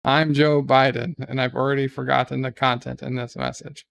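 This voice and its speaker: A man's voice: mid-range voice, little pitch movement, moderate pace, gravelly, fairly bright tone. A man mimicking a rambling, forgetful old politician. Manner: rambling, losing words, trailing off.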